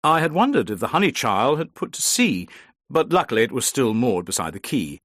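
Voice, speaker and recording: A man reading a first-person adventure audiobook in a measured storytelling manner. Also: mid-range voice, very animated, fairly bright tone, dry recording, clean studio sound. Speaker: audiobook narrator.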